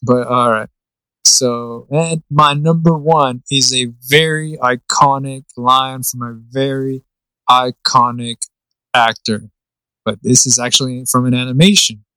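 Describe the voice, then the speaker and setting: A laid-back man chatting on a podcast, with a mid-pitched voice and casual swearing. The recording is dry and close, with no room sound. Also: fairly even intonation, measured pace, bright, forceful tone, clear, resonant tone, no echo, poor audio. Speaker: podcast co-host. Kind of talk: casual chat.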